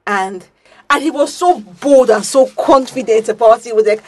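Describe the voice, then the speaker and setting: A young woman, co-hosting a podcast and telling a story in casual chat, animated, swearing and restarting her sentences often. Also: fairly high pitch, moderate pace, slight background noise. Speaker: podcast co-host.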